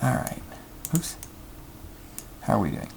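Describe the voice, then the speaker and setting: A man's voice: a little slow, darkish tone, slight background noise. A young man telling a rambling story full of ums while playing a game and muttering his next moves. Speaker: gameplay video creator. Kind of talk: casual storytelling over gameplay.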